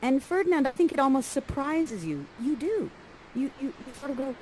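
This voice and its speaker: Animated woman coaching actors. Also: high-pitched, brisk, slight background noise, poor audio. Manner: lively, acts out lines for the performers. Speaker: acting coach directing a scene.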